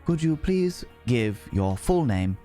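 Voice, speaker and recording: A man imitating a stiff automated bank phone system with flat, robotic politeness. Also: medium pitch, slow, faint music behind.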